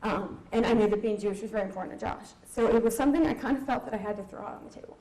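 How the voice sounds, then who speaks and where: A young Southern California woman speaks at a conference in a high-leaning, very fast, mellow voice, giving a candid and emotional personal talk with occasional laughs. The echoey conference hall colors the recording.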